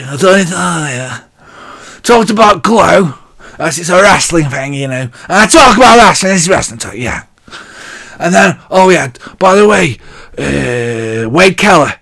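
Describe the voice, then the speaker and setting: A man's voice: on the high side, creaky, a bit bright. A man ranting bluntly and mockingly in a casual wrestling vlog, hot and sweaty as he talks. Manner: blunt, mocking, laughs at his own jokes. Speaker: wrestling vlogger.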